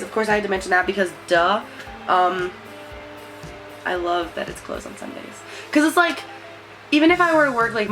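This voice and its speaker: A woman's voice: medium pitch, fairly bright tone, poor audio. Chatty young woman vlogger. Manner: chatty, rambling, many fillers and likes. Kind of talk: casual chat to camera.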